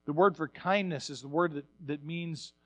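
A male pastor preaching a sermon, repeating words as he builds up, swinging from quiet asides to loud bursts. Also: on the high side, moderate pace.

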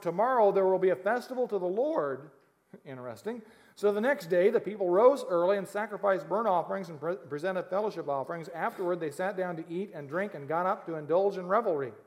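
A fairly high-voiced man preaching a sermon. He reads scripture and then breaks into lively, chuckling asides to his listeners. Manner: animated, jokey asides with laughs, reads scripture then explains. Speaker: pastor.

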